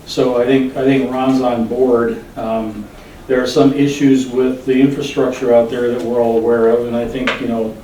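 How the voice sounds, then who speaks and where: A man chairing a public city meeting. He leads the talk in a halting way and restarts often. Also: medium pitch, little pitch movement, warm tone, a little hiss or hum. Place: council meeting room. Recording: echoey room, far from the mic.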